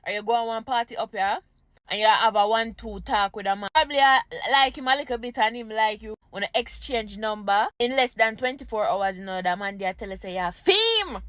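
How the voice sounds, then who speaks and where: A woman's voice: fairly high pitch, a bit bright, no echo. A woman with a Jamaican accent talking casually in patois, laughing between lines. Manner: laughing, chatty patois delivery. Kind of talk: casual talk.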